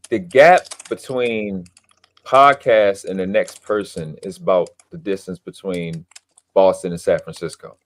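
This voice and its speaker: A man with a low-pitched voice holds the floor in a casual podcast debate. He brags and swears freely, and he leans hard on every point. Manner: boastful, emphatic, profane. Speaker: podcast guest. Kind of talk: heated casual debate talk.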